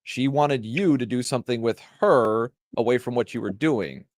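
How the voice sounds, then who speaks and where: A man's voice: mid-range voice, normal speed, a little mellow, dry recording. A man on a podcast panel lays out his reasoning step by step, often tagging his points with a questioning "right?". His voice sits in the middle range and sounds dry and close to the mic. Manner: explanatory, tags points with "right?". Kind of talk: casual discussion.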